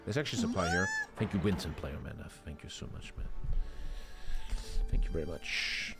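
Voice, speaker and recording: A man's voice: deep voice, expressive, moderate pace, loud music behind the voice. A young man streaming a strategy game live from home, crude and hyper as he banters and swears at chat.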